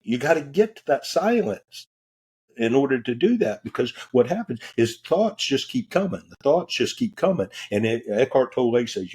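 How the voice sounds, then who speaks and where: A man, a podcast guest, telling stories in a casual, animated way, acting out the voices he quotes and cursing offhandedly. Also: mid-range voice, normal speed, slightly rough. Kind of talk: casual storytelling.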